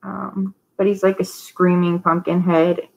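A woman's voice: on the low side, flat delivery, a little slow, vocal fry, low-quality recording. A woman hosting a casual live-stream sale, chatty and rambling, greeting viewers by name. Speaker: host of a live online sale.

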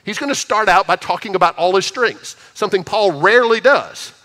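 A man preaching a sermon as a pastor, talking in a conversational way and reading scripture with emphatic swings between loud and soft. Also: sits high, expressive, fairly quick, big-room sound. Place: church auditorium.

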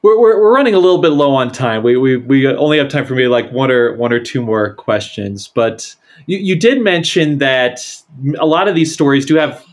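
A man's voice: mid-range voice, lively intonation, moderate pace. A man hosting a video-call interview, asking questions hesitantly with frequent stammers. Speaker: host.

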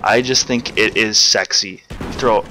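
A young man giving rambling, excitable live commentary while playing a shooter game. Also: lowish voice, a little slow, background noise. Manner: chatty, rambling, excitable bursts. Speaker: gamer doing live commentary. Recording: game gunfire loud in background. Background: gunfire and game sounds.

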